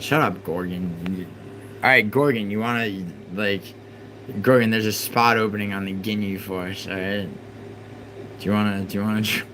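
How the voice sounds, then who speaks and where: A man hosting a live stream, arguing with his chat and swinging from exasperated outbursts to low muttering. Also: pushed and bright, slight background noise. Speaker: livestream host.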